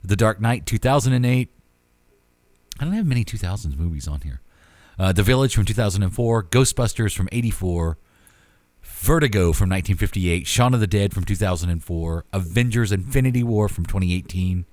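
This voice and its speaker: A man with a low voice that rises and falls a lot reads film titles and their years aloud in a casual podcast chat. The recording is dry and close, with no room sound. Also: lively intonation, brisk, darkish tone, no room sound. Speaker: podcast co-host.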